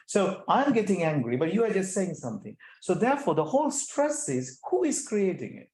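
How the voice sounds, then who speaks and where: A middle-aged man speaking as a guest, animated, often restarting and repeating words and putting rhetorical questions to the audience. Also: sits high, fairly quick, few pauses. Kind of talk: conversational talk at an online chapter event. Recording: echoey room sound.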